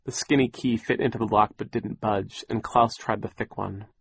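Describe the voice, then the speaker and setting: A man narrating an audiobook in a measured, wry storytelling manner. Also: on the low side, fairly even intonation, vocal fry, a bit bright, breathy edge, dry recording. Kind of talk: scripted narration.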